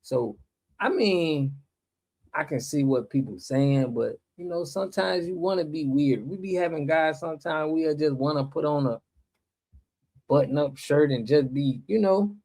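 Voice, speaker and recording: A man's voice: fairly high pitch, measured pace, vocal fry, a little mellow. A man hosting a reaction channel, talking to viewers in a laid-back, conversational way. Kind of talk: casual commentary.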